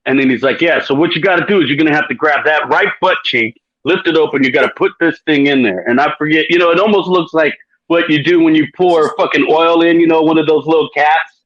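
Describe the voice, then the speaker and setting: A man's voice: a little high, quick pace, dry recording, dull audio. A man hosting a podcast, telling a long crude story casually, swearing and laughing often. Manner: profane, laughing, animated storyteller. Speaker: podcast host.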